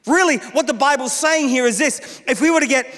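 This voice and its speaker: A pastor preaches from a church stage, animated and funny, slipping into other voices to make his points. His voice sits very high for a man. The sound rings with the long reverb of a large hall. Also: brisk. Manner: animated, humorous, acts out voices. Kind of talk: sermon.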